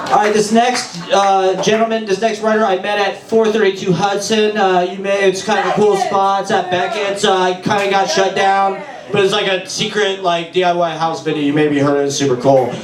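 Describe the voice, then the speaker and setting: A man's voice: high voice, level tone, normal speed, hardly any pauses, crowd noise. A man hosting an open mic, introducing the acts in a loose, offhand way. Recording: echoey room, distant mic, loud noise.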